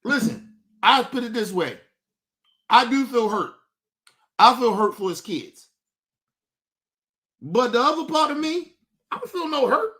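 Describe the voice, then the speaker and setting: A man's voice: very high voice, expressive, measured pace, pauses often, bright, forceful tone. Combative, profane male streamer ranting. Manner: combative, profane, repeats himself. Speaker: livestream host. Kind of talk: heated livestream rant.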